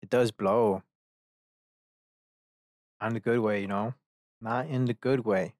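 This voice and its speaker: A man's voice: fairly low pitch, steady tone, measured pace, a little mellow, dry recording, studio quality. A man hosting a solo podcast, rambling, swearing freely and breaking off to mock himself. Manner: rambling and profane, self-mocking asides. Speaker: podcast host.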